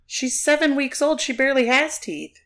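A woman in casual chat, pushing back with blunt, deadpan remarks. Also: high-pitched, moderate pace.

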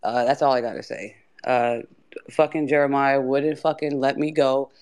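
A man telling a rambling, profane story on a live audio chat, his voice rough from drinking. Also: mid-range voice, steady tone, normal speed, darkish tone. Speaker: guest speaker.

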